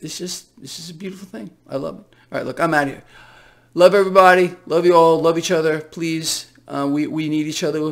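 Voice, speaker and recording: A man's voice: on the high side, gravelly. Emphatic ranting male market commentator. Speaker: financial commentator host. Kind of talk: casual market commentary vlog.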